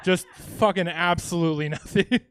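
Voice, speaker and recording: A man from Louisiana does a stand-up set with a fairly high, smooth voice and a dry, close sound. He talks casually, swears freely and chuckles between lines into a handheld mic. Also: moderate pace, fairly bright tone, no echo. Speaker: stand-up comedian. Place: comedy theater stage.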